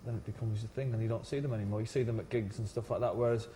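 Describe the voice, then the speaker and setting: A man's voice: on the low side, fairly even intonation, racing, warm tone, long reverb tail, a little hiss or hum. A man being interviewed as a musician, chatting casually, rambling and repeating words and laughing as he tells his stories. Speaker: musician guest.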